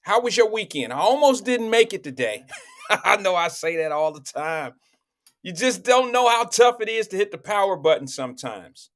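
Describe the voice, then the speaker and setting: A man with a high voice hosts a live online talk show. He chats loosely with viewers, repeats his questions and speaks into his own microphone. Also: very animated, normal speed. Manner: loose, repetitive, talks straight to viewers. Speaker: livestream show host. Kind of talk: casual live-stream chat.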